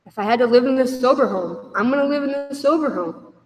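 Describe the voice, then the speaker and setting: A woman's voice: high-pitched, fast, slight background noise. Woman sharing her recovery story in a hall. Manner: candid, animated, acts out dialogue with raised voice. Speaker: speaker at a recovery meeting. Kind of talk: personal recovery story told to a group. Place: meeting room. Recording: echoey hall from far off.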